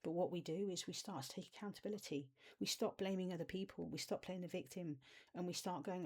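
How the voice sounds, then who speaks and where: A coach of inner child healing talking to camera in a soft, nurturing and encouraging way, with chatty informal asides. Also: medium pitch, fast talker. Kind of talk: self-help video talk to camera.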